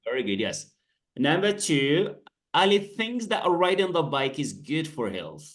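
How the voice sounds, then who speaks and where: A male English tutor leads a lesson over a video call. His voice sits a little high, and he keeps praising the student while fixing how words are said. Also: big pitch swings, a little slow, a bit bright. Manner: encouraging, corrects pronunciation, mixes in French and Darija. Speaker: English teacher.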